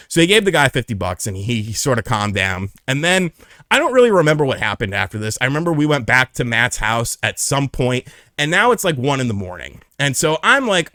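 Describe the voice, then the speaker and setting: Young man, casual storytelling, lively swinging pitch, bright tone, dry close sound. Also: brisk, no echo. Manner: candid, profane, animated. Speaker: vlogger.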